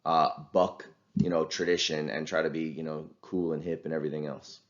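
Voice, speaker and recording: A man's voice: extremely low pitch, level tone, fairly quick, highs cut off. A man lecturing a class in a casual, conversational way, with many fillers and restarts.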